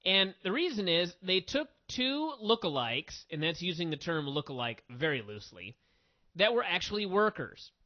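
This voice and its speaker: Man, high lively voice, opinionated podcast host, dull lo-fi sound. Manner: animated, opinionated, quick asides. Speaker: wrestling review podcast host. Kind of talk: casual review chat. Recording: dull lo-fi audio.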